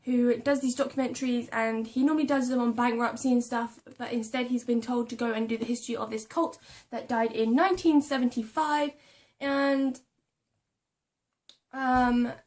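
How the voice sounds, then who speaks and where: A young woman with a somewhat high, darkish voice talks at a normal speed with fairly even intonation. She's a book vlogger chatting casually about her book haul, reading the blurbs aloud and tripping over names and difficult words.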